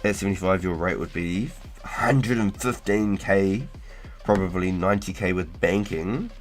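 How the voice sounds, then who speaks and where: A low-pitched man chats casually with his stream viewers, his talk loose, slangy and peppered with swearing. His voice sits deep. Soft music plays quietly behind him. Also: normal speed. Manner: relaxed, slangy, swears and laughs often. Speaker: livestream host. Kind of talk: casual livestream chat.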